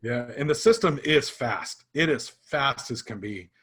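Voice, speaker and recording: A man runs a relaxed interview with a guest. His speech is easygoing and casual, filled with "you know" and "um" as he talks. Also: mid-range voice, a little slow, slightly rough. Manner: casual, many fillers, laughs easily. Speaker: host and sports vision trainer. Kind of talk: conversational interview.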